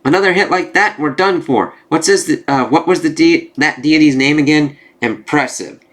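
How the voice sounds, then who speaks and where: Man reads a smug alien warlord: brisk, lifted pitch. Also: a bit bright, natural voice. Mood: commanding. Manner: reads aloud with a raised, brisk voice.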